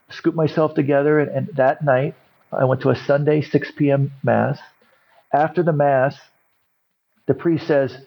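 Gravelly, husky man telling a story. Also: medium pitch, muffled recording. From California. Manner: animated storyteller acting out other people's lines. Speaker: podcast guest, recovery coach. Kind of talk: storytelling in an interview.

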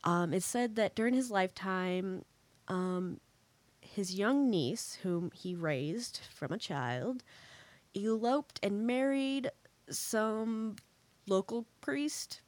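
A woman's voice: medium pitch, slow pace, a little mellow, no echo. A young woman co-hosting a podcast, chatting casually and teasing her friend between laughs. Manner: joking, teasing, laughs a lot. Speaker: podcast co-host. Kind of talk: casual chat.

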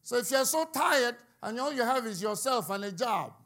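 High-voiced man preaching with fervor. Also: animated, moderate pace. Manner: impassioned, building to shouts, with joking asides. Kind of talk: sermon.

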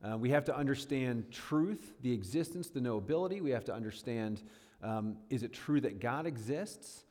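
A man's voice: mid-range voice, expressive, normal speed, a little mellow. Male guest speaker, 30s, mid-range voice, casual and self-deprecating, long hall reverb. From northern New York State. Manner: chatty and self-deprecating, lots of fillers and checks. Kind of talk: casual sermon-style talk.

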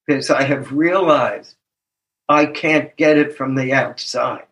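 Speaking slowly at a medium pitch with a bit of brightness, an older man in his seventies tells his recovery story at a meeting. His tone is earnest and reflective; he stresses key words and laughs at himself now and then.

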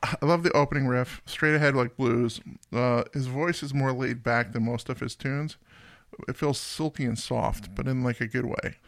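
A man's voice: medium pitch, normal speed, creaky, dry recording, clean studio sound. A man co-hosting a music podcast, chatting casually in a joking, digressive way. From United States. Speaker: podcast co-host.

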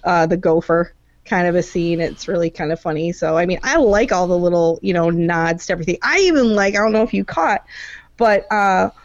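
A woman's voice: on the low side, brisk, dry recording, lo-fi sound. A woman chatting casually about a movie, laughing often and filling gaps with ums and likes. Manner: laughing, lots of fillers. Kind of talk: casual chat.

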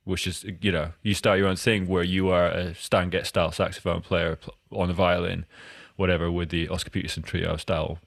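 A man's voice: deep voice, flat delivery, fairly quick, creaky, few pauses, dry recording, clean studio sound. A Scottish man hosting a podcast interview, talking in a loose, rambling way with many restarts. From Scotland. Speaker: podcast host. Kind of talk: casual interview chat.

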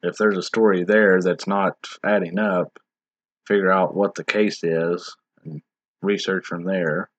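A man with a lowish voice talks in a loose, rambling way, restarting his sentences and leaning on filler words. The recording is dull and muffled, with a dry, close sound and no room echo. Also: little pitch movement, unhurried. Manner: rambling, hesitant, many restarts. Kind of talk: casual discussion.

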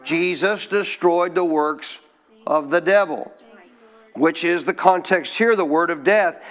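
Taking his time, a high-voiced pastor with a fairly bright tone delivers an emphatic call-and-response sermon. He repeatedly asks the congregation questions and urges them to say lines back.

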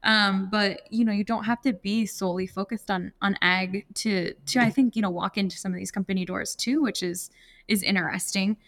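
A young woman from the United States hosting a podcast interview, friendly and quick to laugh, with many fillers. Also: mid-range voice, steady tone, a bit bright. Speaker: podcast host.

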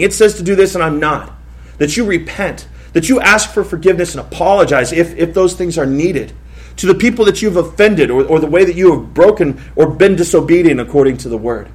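A pastor in his thirties preaching a sermon in a lively, conversational way, often repeating himself. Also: fairly high pitch, fairly quick. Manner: animated, conversational preaching with repetitions.

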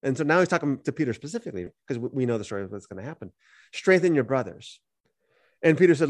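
Lively man explaining scripture. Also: mid-range voice, quick pace, no room sound, clean studio sound. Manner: animated, reads scripture aloud then explains it. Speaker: podcast co-host teaching the Bible. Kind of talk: conversational Bible teaching.

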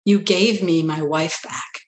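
A middle-aged woman family physician telling stories in an earnest conversational interview, animated when she quotes others. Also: low-pitched, slow pace, slight background noise. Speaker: family physician, practice founder. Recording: roomy echo.

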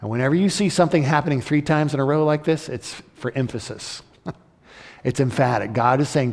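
A man preaching a sermon, retelling a scripture story in an explanatory, animated way. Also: medium pitch, fairly quick. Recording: long hall reverb.

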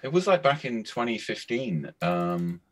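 A man's voice: medium pitch, very animated, unhurried, a bit bright. A Cornish man in his forties, a guest actor and comedian, chatting casually and telling anecdotes. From Cornwall. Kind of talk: casual chat.

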